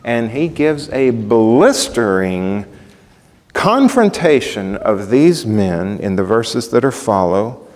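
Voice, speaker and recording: A man's voice: fairly low pitch, sing-song, slow pace, darkish tone, in a large hall. A man preaching a sermon, emphatic and building in intensity through repetition. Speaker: pastor.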